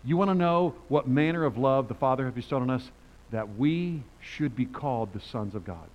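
Older male pastor, mid-pitched, lively conversational sermon delivery, lo-fi sound. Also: moderate pace. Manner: animated, conversational preaching with quoted voices. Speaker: preacher.

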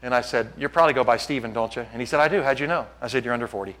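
A man in his fifties preaching a sermon as pastor, fervent and emphatic, swinging from loud climaxes to quiet prayer. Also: mid-range voice, racing.

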